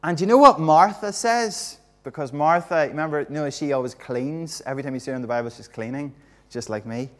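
A man's voice: fairly high pitch, brisk, fairly bright tone. A man preaching an all-age sermon in a church, acting out the story and quizzing the congregation.

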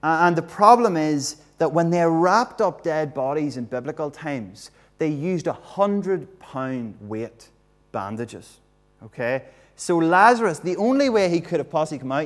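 Animated male preacher acting out stories. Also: fairly high pitch, normal speed. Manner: animated, acts out the story and quizzes the congregation. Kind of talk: lively all-age sermon with props.

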